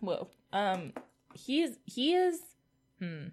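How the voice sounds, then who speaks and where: A woman on a podcast with a lively, bouncing voice that swings up and down. She chats casually with friends, laughing and exclaiming often. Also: medium pitch, drawn-out words, a little hiss or hum. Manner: animated, giggly, exclamatory. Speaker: podcast co-host. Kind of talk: casual chat.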